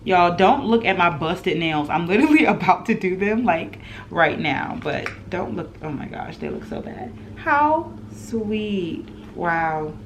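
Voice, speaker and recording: A young woman in her twenties telling an animated storytime in a home vlog, chatty and full of laughs. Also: on the low side, moderate pace, hardly any pauses, a little hiss or hum. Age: 20s. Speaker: vlogger.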